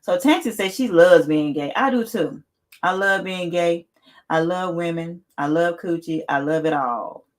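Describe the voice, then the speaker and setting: A woman hosts a casual livestream, reading out the chat in a lowish, unhurried voice. She's blunt, laughs a lot, repeats herself, and swears casually.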